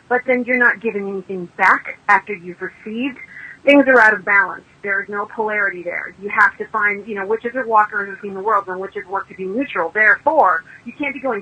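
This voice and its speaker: In this muffled recording, a woman's mid-range voice comes across brisk with a breathy edge. She's an author being interviewed, casually spinning stories with chatty emphasis and performing the voices of those she quotes.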